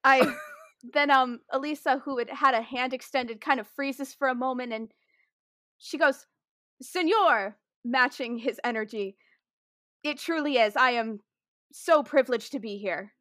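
A woman's voice: sits high, a little slow, fairly bright tone, no echo, studio quality. A woman playing a tabletop game, giggly and laughing between lines. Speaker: player.

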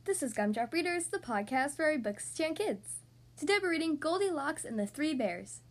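Lively high-voiced woman reading a storybook. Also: a little fast. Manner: expressive, animated. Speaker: podcast host reading to children.

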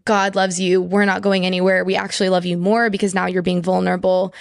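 A woman's voice: lowish voice, flat delivery, quick pace, vocal fry, no room sound, clean studio sound. A young woman from Texas, a podcast guest telling a personal story in casual chat, full of "like" fillers.

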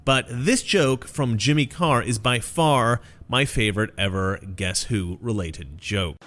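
A man's voice: medium pitch, a little slow, a bit bright. A man from America in his forties, casually commenting on comedy clips in a chatty, conversational manner. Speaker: video host.

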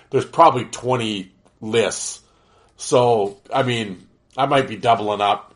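A man hosting a casual solo podcast, his voice nasal and stuffed up from allergies, rambling with many fillers and restarts. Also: on the low side. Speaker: podcast host.

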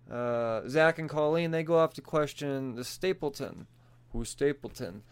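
A man's voice: medium pitch, smooth. A man casually recapping comic book issues, swearing freely and laughing as he talks. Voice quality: profane, laughs often.

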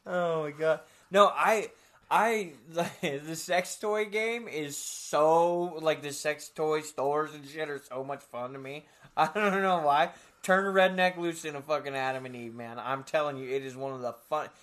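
A man's voice: fairly high pitch, a little slow. Profane, laughing man in crude banter. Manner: crude, profane, laughs often, jumps into loud bits. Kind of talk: casual comedic chat.

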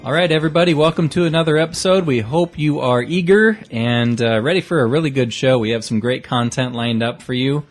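A man's voice: mid-range voice, brisk, few pauses, soft background music. A man in his thirties hosting a casual podcast with his friends. He is upbeat and keeps the show moving. His voice sits in an ordinary middle range. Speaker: podcast host. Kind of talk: casual chat.

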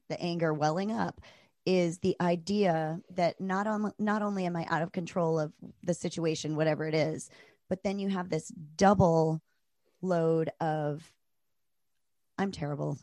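A woman host with a lowish voice reflects aloud in a conversational interview, pausing and correcting herself mid-thought. The sound is dry and close. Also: a little mellow, no room sound.

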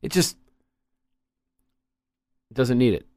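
A man co-hosting a casual movie discussion, trading sardonic, deadpan quips. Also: mid-range voice, takes it slowly, no echo. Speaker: podcast co-host.

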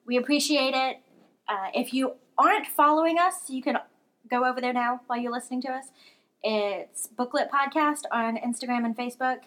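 A woman hosting a casual book podcast with a high voice. She talks in a chatty, rambling way, stopping and restarting her thoughts as she goes. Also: moderate pace, a bit bright. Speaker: podcast co-host. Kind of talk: casual chat.

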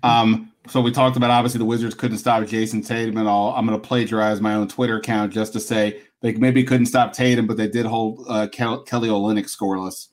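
A man on a sports podcast panel, talking about the game in a halting way and repeating words as he searches for them. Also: fairly low pitch, little pitch movement. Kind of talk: casual sports analysis.

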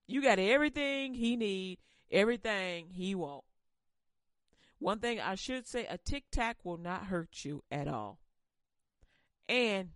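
Animated woman telling a comic Bible story. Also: mid-range voice, dry recording, studio quality. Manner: animated, playful asides. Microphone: close microphone.

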